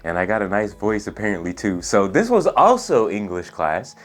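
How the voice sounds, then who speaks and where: A young man in his twenties telling a story in a casual, laid-back way, using lots of slang and filler words, with a soft, soothing voice. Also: lowish voice, very animated, normal speed. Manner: laid-back, profane slang, says "bro" and "like" a lot. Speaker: storytelling vlogger. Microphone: USB studio microphone.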